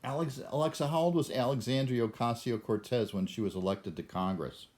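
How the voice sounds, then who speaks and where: An older vlogger talks to the camera in a rambling monologue, stammering and restarting his sentences often. His voice is medium-pitched with a darkish tone, and he speaks a little fast.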